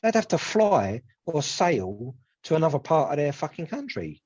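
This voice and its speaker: A man, hosting a podcast and chatting casually, animated and sweary as he rambles. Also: fairly high pitch, moderate pace, husky. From England. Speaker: podcast host. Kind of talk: casual chat. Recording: dull lo-fi sound.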